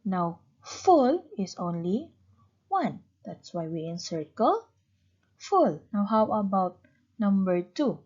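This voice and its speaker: A woman's voice: medium pitch, big pitch swings, takes it slowly, darkish tone, slightly rough. A woman teaching an online lesson to young children, patiently asking questions and praising answers. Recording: slightly dull, lo-fi recording.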